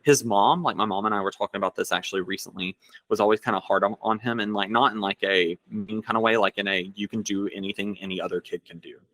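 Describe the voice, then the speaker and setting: A man's voice: on the low side, fairly even intonation, quick pace, a bit bright, no room sound. A young man co-hosting a podcast, telling a personal story in casual chat, rambling and filling his talk with "like". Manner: rambling storyteller, heavy filler "like". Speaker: podcast co-host.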